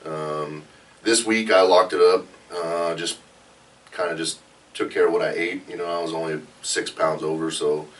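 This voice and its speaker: A man's voice: low-pitched, fairly even intonation, normal speed, distant mic, a little hiss or hum. A man, a powerlifter, chatting casually on a podcast in an easygoing way that trails off with fillers. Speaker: powerlifter guest.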